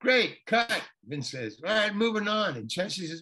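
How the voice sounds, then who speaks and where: A man with a husky, slightly high voice tells a story from a shoot. He acts out every exchange, bouncing between voices and restarting sentences as he goes. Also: measured pace. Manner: animated, acts out the dialogue of others in his story; restarts and repeats words. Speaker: guest actor. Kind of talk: anecdotal storytelling.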